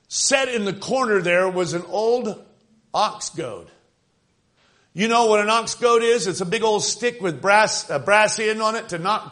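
A man's voice: high voice, fairly bright tone. An older man preaching a revival sermon, swelling with fervor and acting out quoted voices.

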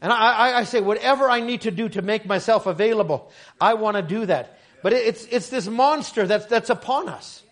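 A middle-aged male preacher giving a sermon, often stammering over his starts and building up to shouted lines. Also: high-pitched, a little fast. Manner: stammering restarts, rising to shouts.

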